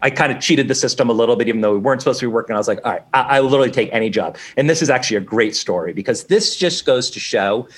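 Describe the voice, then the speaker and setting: A man's voice: mid-range voice, rapid-fire, hardly any pauses, husky. A middle-aged man on a podcast, telling a long story in casual chat, acting out the other people's lines and cursing freely. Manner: animated, acts out quoted dialogue, swears casually.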